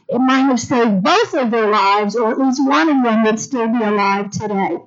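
A middle-aged woman teaching a Bible lesson in an animated sermon style, calling on the congregation to answer. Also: on the high side, normal speed. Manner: animated, calls for congregation responses. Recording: dull lo-fi recording.

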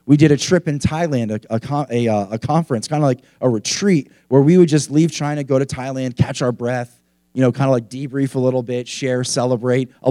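A man delivers a sermon in a lively, conversational way, peppered with "like". His voice sits a bit high for a man. The sound is dry and close, with little room echo. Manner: energetic conversational preaching, frequent "like". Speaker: preacher.

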